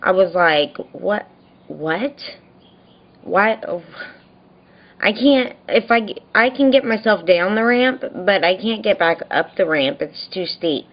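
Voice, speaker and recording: A woman's voice: medium pitch, lively intonation, measured pace, highs cut off. A woman vlogger venting in a rambling, frustrated daily video diary, telling a story by quoting what she and others said.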